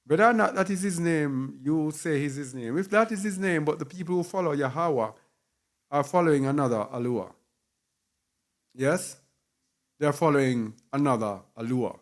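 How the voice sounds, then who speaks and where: A man's voice: on the high side, normal speed. A man teaching a sermon with emphasis, repeating key words and spelling some out letter by letter. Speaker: Bible teacher.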